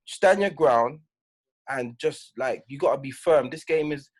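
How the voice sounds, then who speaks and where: Animated voice giving firm advice. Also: male voice, medium pitch, unhurried, breathy edge. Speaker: DJ guest. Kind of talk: casual podcast chat.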